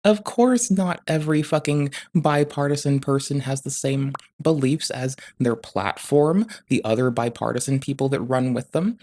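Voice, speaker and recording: Quiet, fast-talking profane streamer. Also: mid-range voice. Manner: talks quietly and quickly; heavy swearing, rambling asides. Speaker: live streamer. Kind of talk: ranting stream commentary.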